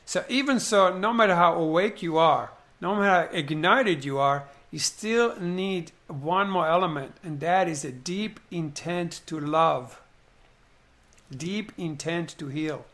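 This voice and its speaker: His voice a little high and his delivery unhurried, a man eagerly describes a scene from a film while chatting. He acts out the parts with animation and keeps asking rhetorical questions.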